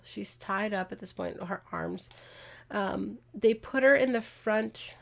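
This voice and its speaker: A woman hosting a podcast, casually retelling a true-crime case with animated, exasperated asides. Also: mid-range voice, creaky. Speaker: podcast host.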